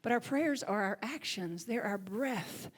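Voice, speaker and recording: Woman, Southern accent, minister, sermon storytelling, animated, loud-to-hushed swings. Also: mid-range voice, unhurried. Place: church sanctuary.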